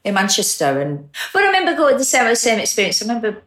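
A woman's voice: a little high, wildly swooping pitch, quick pace, a bit bright. A middle-aged woman, chatting as a podcast guest, enthusiastic and emotional, often restarting her sentences. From North West England. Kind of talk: casual podcast chat. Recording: roomy echo.

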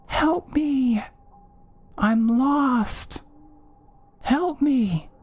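A man voicing a monster that mimics a lost little girl, whimpering and pleading in a very high voice. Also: drawn-out words, breathy edge, heavily acted. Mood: crying out. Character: creature mimicking a lost little girl's cry.

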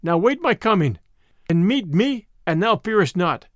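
A man's voice: high voice, very animated, moderate pace, a bit bright, no room sound, studio quality. A man voicing a bold, jovial outlaw leader who speaks in hearty, old-fashioned declaiming tones in a storybook reading. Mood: challenging.

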